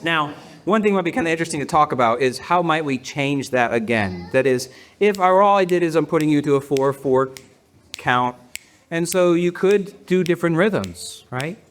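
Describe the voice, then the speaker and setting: A man's voice: fairly high pitch, lively intonation, moderate pace, a bit bright. A man, a pastor, playfully leading his congregation through a rhythm game, counting them in and laughing along. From United States. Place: church hall with a congregation.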